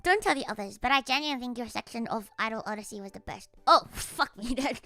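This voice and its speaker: A woman's voice: fairly high pitch, fast talker, few pauses, sharp tone, no echo. A young woman who is a virtual idol, chatting casually with viewers on a livestream in a playful, teasing, mock-grumpy way and dropping in Japanese phrases.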